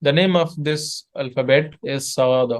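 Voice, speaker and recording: A man teaching letters in an online lesson, patiently repeating sounds in halting English. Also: mid-range voice, clean tone. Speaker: Arabic tutor. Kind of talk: one-on-one online language lesson.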